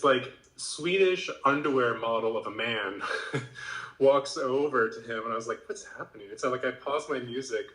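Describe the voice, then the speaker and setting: A man's voice: mid-range voice, sharp tone, roomy sound, rough recording. An American man in a casual conversation, telling a rambling story full of fillers and restarts. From United States. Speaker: HR professional guest.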